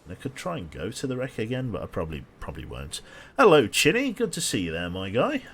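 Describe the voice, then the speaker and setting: Low-voiced sardonic male game streamer. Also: huge pitch swings, quick pace, a bit bright, breathy edge. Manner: dry, sardonic play-by-play, swearing casually. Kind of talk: live gameplay commentary to chat.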